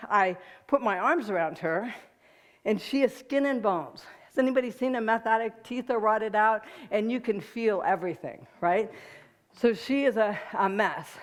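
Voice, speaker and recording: A guest speaker with a mid-range voice and measured pace tells a personal story to an audience. She laughs often and addresses listeners conversationally.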